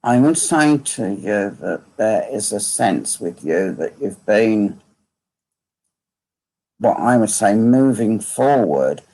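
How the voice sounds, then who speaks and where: A man, working as a medium, giving a slow, repetitive reading and asking again and again whether the listener understands. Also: fairly low pitch, animated, darkish tone. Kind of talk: live online mediumship reading.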